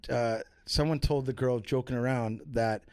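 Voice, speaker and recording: A man's voice: mid-range voice, fairly even intonation, moderate pace, a little mellow, clean tone, no echo. A man on a podcast, telling rambling, profane stories in a casual way and switching voices for the people he quotes. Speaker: podcast guest. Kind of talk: casual storytelling.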